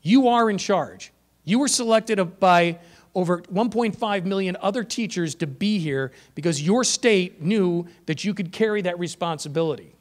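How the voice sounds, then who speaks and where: Energetic high-voiced man presenting. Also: moderate pace. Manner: energetic, emphatic, varies pace for effect. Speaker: presenter at a teacher training conference. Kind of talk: conference presentation. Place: conference room.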